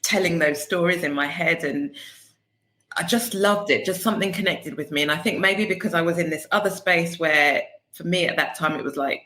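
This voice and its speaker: A woman's voice: lowish voice, normal speed, pushed and bright, reverberant. A woman, a debut novelist, chatting as a guest on a podcast, thoughtful and full of fillers. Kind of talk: casual interview.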